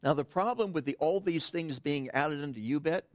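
A man's voice: lowish voice, a little fast, hardly any pauses, no room sound, clean studio sound. A man preaching a sermon in a conversational way, with frequent restarts and asides to the congregation. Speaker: pastor.

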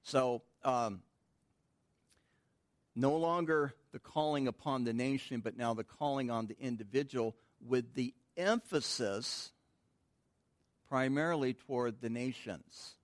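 A man leads a midweek Bible study in a relaxed, talky way, often posing a question to the listeners and answering it himself. His voice sits at an ordinary middle pitch. The recording is dry and close, with little room sound. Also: measured pace, dry recording. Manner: informal and chatty, asks the room questions and answers them, frequent restarts. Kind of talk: conversational Bible teaching.

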